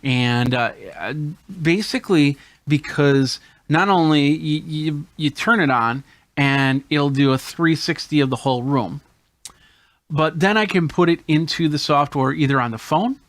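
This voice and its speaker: A man's voice: fairly high pitch, a little slow, fairly bright tone, no room sound. A man hosting a tech channel, explaining camera gear hands-on in a casual demo. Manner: explains hands-on while demonstrating gadgets.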